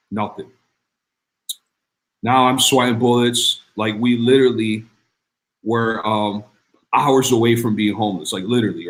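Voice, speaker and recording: A man telling his story as an interview guest, acting out the dialogue with big leaps in his voice. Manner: acts out dialogue, voice jumping high. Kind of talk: animated storytelling.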